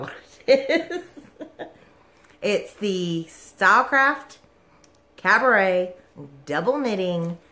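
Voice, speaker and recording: A woman, gushing and giggling through an excited yarn unboxing vlog. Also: deep voice. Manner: gushing, giggly, lots of "like" and "oh my goodness". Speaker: yarn vlogger.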